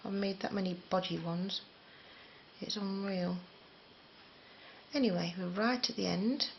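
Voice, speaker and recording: A middle-aged Englishwoman teaches crochet in a casual spoken tutorial, rambling chattily and laughing at herself. Her mid-range voice is gravelly, fairly even and a little slow, captured on a slightly dull lo-fi recording with slight background noise.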